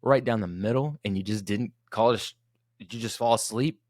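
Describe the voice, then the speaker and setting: A man's voice: fairly low pitch, brisk, no room sound. Profane, ranting young man, dry mic. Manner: profane, animated, frequent self-corrections. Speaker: podcast host. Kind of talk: casual rant.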